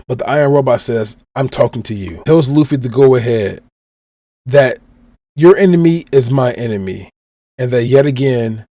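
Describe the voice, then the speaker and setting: Hosting a podcast, a Chicago man casually retells a comic chapter step by step, quoting the characters' lines. His mid-range voice has a warm tone, with no echo in the recording.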